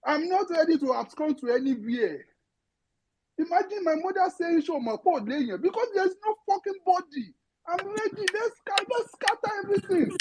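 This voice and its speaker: Nigerian lady w yoruba accent, high swooping voice, begging and cursing, fired up. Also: animated, moderate pace, darkish tone, slight background noise, low-quality recording. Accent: Nigerian, Yoruba-inflected. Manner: pleading, swearing, voice breaking with emotion. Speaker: caller on a live audio space. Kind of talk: impassioned political speech.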